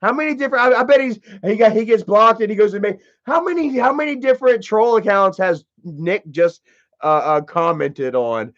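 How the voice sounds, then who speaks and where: High-voiced man ranting on a livestream. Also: moderate pace, fairly bright tone. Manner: profane, mocking, lots of "you know". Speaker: livestream host. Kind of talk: casual livestream rant. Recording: dull lo-fi stream audio.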